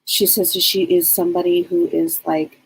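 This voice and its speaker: A woman's voice: lowish voice, little pitch movement, normal speed, husky, rough recording. A woman psychic medium giving a live reading, chatty and rambling as she passes on what spirits tell her.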